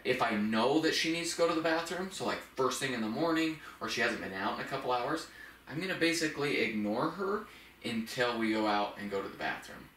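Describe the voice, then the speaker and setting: A man explains puppy training in a relaxed, loosely instructional way, often restarting his sentences. His voice is bright and a little distant from the mic. The room around him is roomy and echoey. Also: mid-range voice, brisk, a little hiss or hum. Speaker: dog trainer. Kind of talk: casual instructional talk.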